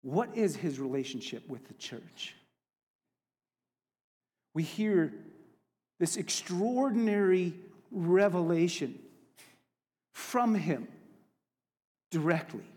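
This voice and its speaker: A man's voice: high voice, lively intonation, takes it slowly, long pauses, warm tone. Man, preacher, sermon, emphatic with casual asides, long church reverb.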